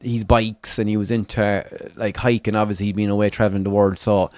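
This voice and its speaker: An Irish man co-hosting a football watchalong tells a long pub story full of swearing, acting out its characters. He talks fast in a fairly low, darkish voice with a level tone and no room sound.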